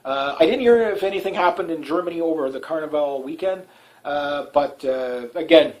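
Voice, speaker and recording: On a roughly recorded talk show, a Canadian man delivers casual political commentary in a voice on the high side with a darkish tone, at normal speed. The monologue rambles with many fillers and restarts, and he chuckles frequently.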